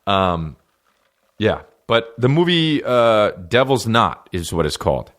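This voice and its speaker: Low-voiced swearing podcast host. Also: male voice, a bit bright. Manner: profane, loose, restarts and tangents. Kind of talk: casual rambling monologue.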